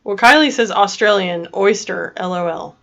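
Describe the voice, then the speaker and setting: A woman's voice: medium pitch, moderate pace, creaky, a bit bright. A woman co-hosting a casual livestream, reading out viewer comments with a teasing, laughing manner. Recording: lo-fi stream audio.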